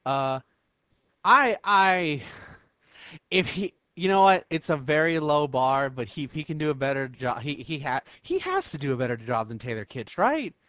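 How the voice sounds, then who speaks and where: A man co-hosting a podcast, talking in an excitable, argumentative way. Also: a little high, normal speed, no echo. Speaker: podcast co-host. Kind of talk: casual chat.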